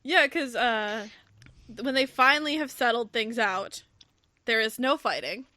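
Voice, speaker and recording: Talking a little slowly, with no echo, a female podcast host discusses a book in a relaxed chat. Her manner is lively, and she voices its lines with wide pitch swings.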